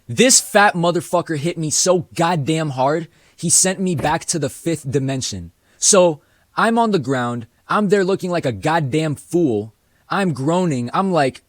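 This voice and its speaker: A man's voice: fairly high pitch, normal speed, no echo. A young man narrating a casual, self-mocking storytime with plenty of swearing. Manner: laid-back, self-mocking, profane.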